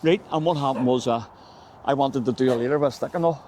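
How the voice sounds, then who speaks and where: A man's voice: medium pitch, quick pace, warm tone, slight background noise. A middle-aged man with a Belfast accent, a local guide chatting casually on a walking tour, telling stories and peppering them with "mate". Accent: Northern Irish (Belfast). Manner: chatty storyteller, says "mate" constantly. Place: outdoors on city streets.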